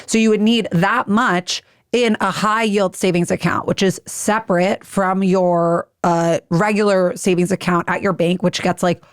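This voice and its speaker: A woman's voice: mid-range voice, fairly even intonation, clear, resonant tone, no echo. Chatty woman, dry studio sound. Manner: chatty, quick asides, explains money plainly. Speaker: podcast guest, finance expert. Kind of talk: casual podcast chat.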